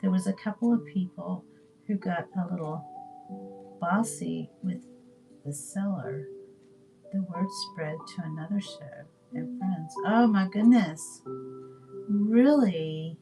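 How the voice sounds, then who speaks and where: Slow-talking Southern woman, chatty and rambling. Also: fairly low pitch, vocal fry, low-quality recording. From Northwest Florida, US. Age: older. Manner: rambling, chatty, trails off with ums. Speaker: craft livestream host. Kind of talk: casual chat while crafting. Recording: music playing behind.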